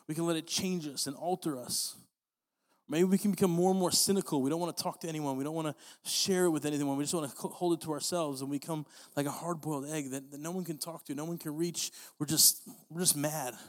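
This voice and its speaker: Earnest young preacher, high voice. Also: male voice, steady tone, fast talker, big-room sound. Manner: earnest, repetitive, many restarts. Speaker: pastor. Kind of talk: sermon.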